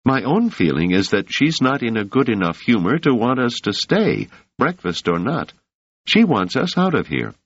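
A man's voice: mid-range voice, sing-song, moderate pace, slightly rough, no echo, voice pushed up. A man voicing a cool, confident young woman who speaks dryly and firmly, in a slightly muffled recording. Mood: wry.

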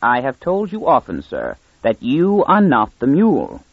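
A man reading aloud, voicing a very old first minister who speaks softly and calmly. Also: mid-range voice, gravelly, breathy edge, no room sound, phone-quality sound, full character voice. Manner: calm, soft, measured.

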